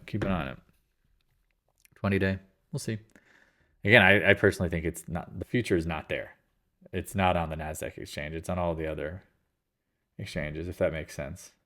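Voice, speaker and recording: Male host, lowish voice, casual market-commentary read with goofy slang asides. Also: a bit bright. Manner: loose, jokey, slangy, tosses in silly voices; talks in quick asides and restarts. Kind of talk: casual market recap over charts.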